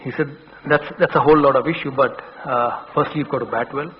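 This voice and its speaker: A man's voice: steady tone, a little fast. A man in his forties with an Indian English accent, telling stories in a motivational speech on stage, earnest and given to restarts and repeated words. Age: 40s. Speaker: keynote speaker. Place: large hall. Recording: dull, boomy hall recording.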